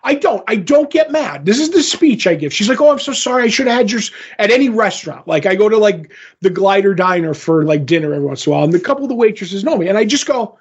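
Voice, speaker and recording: A man co-hosting a podcast in casual chat, telling an animated story with swearing and acted-out quotes. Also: sits high, quick pace, slightly rough, muffled recording. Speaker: podcast co-host.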